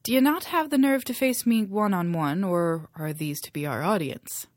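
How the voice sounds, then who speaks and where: A woman's voice: mid-range voice, moderate pace, a little mellow, dry recording, studio quality, close to an everyday voice. A woman voicing a roguish Irish male sea captain who teases and taunts. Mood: teasing. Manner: teasing, taunting.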